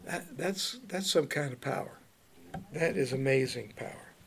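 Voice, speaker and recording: A man's voice: medium pitch, a little slow, gravelly. A man teaching the Bible to a small group in an informal, conversational way, reading King James verses aloud and asking the listeners questions. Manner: conversational, asks the group questions and laughs often; reads scripture aloud in King James wording.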